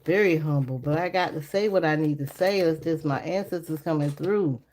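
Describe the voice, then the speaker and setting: A woman's voice: a little fast, a little mellow, slight background noise. A woman reading tarot on a casual live stream, chatty and laughing often as she talks to her viewers. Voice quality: naturally deep voice. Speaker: livestream tarot reader.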